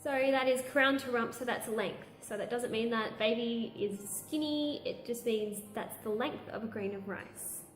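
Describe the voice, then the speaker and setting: Young woman, casual vlog chat, fairly high pitch, echoey room, faint music behind. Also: measured pace, hardly any pauses. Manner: chatty, candid, laughs between sentences. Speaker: vlogger. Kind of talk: casual pregnancy update vlog. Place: room at home.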